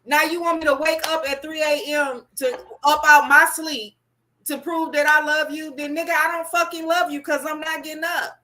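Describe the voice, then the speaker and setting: A woman's voice: high voice, fairly even intonation, moderate pace, pushed and bright. A woman co-hosting a talk show, pushing back in blunt, sassy, profane casual debate. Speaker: podcast co-host.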